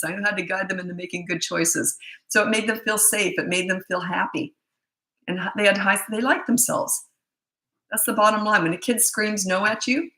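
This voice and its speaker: A middle-aged woman gives parenting advice in a blunt, brisk, opinionated way. Her voice is gravelly, bright and fairly low, and it echoes in a roomy space. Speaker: parenting coach. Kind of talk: casual Q&A talk to camera.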